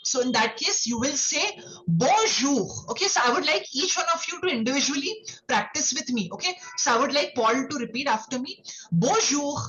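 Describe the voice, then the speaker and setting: A woman with a high voice leads an online lesson, explaining patiently and checking in with "okay?" after almost every phrase. Her voice arrives through dull, lo-fi call audio. She calls on students one by one. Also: lively intonation, fairly quick, few pauses, sharp tone. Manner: explains patiently, with many "okay"s and tag questions. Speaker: French teacher. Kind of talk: online classroom instruction.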